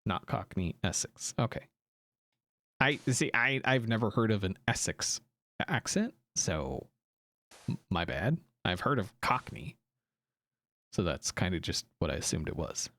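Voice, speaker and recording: American man, gaming streamer, casual chat, rambling, self-correcting, lowish voice, dry close sound. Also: expressive, measured pace, pauses often, fairly bright tone, no room sound.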